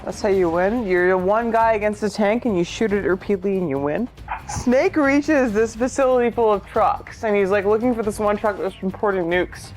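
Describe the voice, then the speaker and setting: A woman's voice: medium pitch, normal speed, darkish tone, soft background music. A tipsy woman narrating a comic recap, rambling and swearing, with lots of "like". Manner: rambling, swearing, full of likes.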